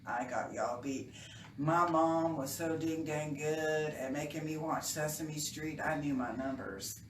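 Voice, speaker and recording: Middle-aged female co-host, lower pitch, playful storyteller; distant, roomy mic. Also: measured pace. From Oklahoma. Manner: storytelling, laughs often, playful. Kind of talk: casual chat. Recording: roomy, distant mic, clear background noise.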